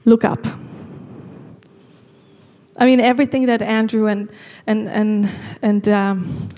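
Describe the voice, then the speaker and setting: A woman giving an earnest sermon, slowing down to stress key lines. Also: medium pitch, fairly even intonation, mellow. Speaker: preacher.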